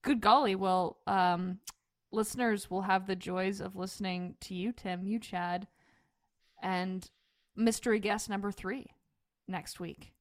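A woman's voice: medium pitch, steady tone, a little slow, dry recording, clean studio sound. A woman hosting a podcast, chatting casually and laughing often. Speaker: podcast host. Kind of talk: casual chat.

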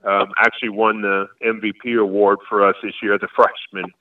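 A man in his forties, a high school football coach from Florida, answering interview questions in a rambling way with halting restarts. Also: level tone, far from the mic, phone-quality sound.

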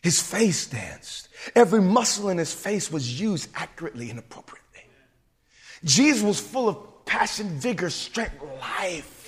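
Preaching with emphasis, a suburban man uses a high, animated voice full of ups and downs. He breaks into asides and restarts quickly, his words echoing with the long reverb of a big hall.

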